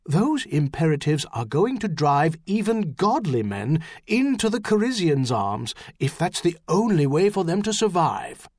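A man's voice: sits high, dry recording, clean studio sound, voice pushed up. A man reading an audiobook, voicing a pious, earnest treasurer who explains things urgently. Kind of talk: audiobook character voice.

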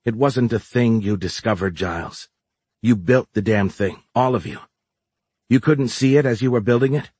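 A blunt, scornful woman from the south, as a male narrator reads her, firing back sharp, challenging retorts. The voice sits low and husky. The sound is close and dry. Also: moderate pace, dry recording.

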